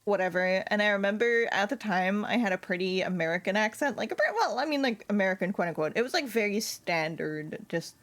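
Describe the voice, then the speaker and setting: A woman's voice: mid-range voice, expressive, a little fast, hardly any pauses, a bit bright. Rambling giggly woman streamer. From Europe. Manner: rambling, filler-heavy storytelling with frequent giggles. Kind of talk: casual gaming stream chat.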